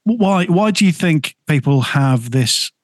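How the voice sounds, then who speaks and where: Podcast host man, higher voice. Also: expressive, unhurried, no echo, clean studio sound. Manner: laughs easily, stumbles on first words. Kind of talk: conversational interview.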